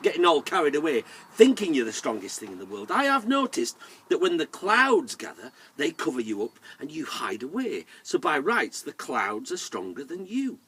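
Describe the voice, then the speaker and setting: A storyteller playing a lazy young boy who eagerly shouts at the things he thinks are strong. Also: fairly high pitch, wildly swooping pitch, normal speed, husky, voice pushed up, exaggerated voice. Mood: boastful calls.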